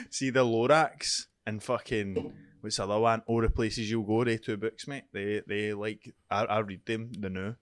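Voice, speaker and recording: A man's voice: on the low side, normal speed, dry recording. A young Scottish man co-hosting a podcast in casual chat, rambling, swearing freely and laughing often. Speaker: podcast host.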